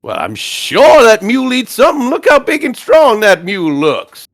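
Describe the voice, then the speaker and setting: A man's voice: very high voice, huge pitch swings, normal speed, fairly bright tone, pitched above the performer's own voice, exaggerated voice. A man voicing an undead male bard with folksy, drawling salesman patter. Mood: wheedling.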